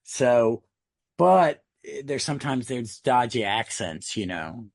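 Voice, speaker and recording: A man's voice: medium pitch, lively intonation, slow pace, creaky, no echo, clean studio sound. An American man chatting casually on a podcast, rambling through anecdotes and tangents. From United States. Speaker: podcast co-host.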